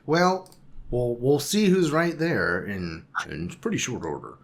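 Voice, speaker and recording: Male podcast co-host, casual football chat, wry and self-deprecating, mid-pitched voice. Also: very animated, a little slow.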